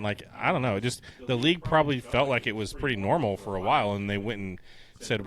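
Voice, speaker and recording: Animated man chatting on a podcast. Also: mid-range voice, quick pace. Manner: animated, quotes movie lines in silly voices. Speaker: podcast co-host. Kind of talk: casual podcast chat.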